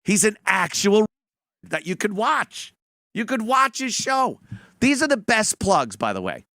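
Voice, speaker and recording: Male host, high lively gravelly voice, bright tone, sneering commentary, dry sound. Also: measured pace, no room sound. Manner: mocking, profane, mimics voices. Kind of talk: reaction commentary on clips.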